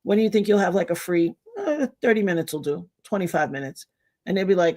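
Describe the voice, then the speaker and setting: A woman hosts a casual livestream, reading viewer comments and telling blunt, emphatic stories in slangy language. She talks fast, laughing throughout as her pitch and loudness swing widely.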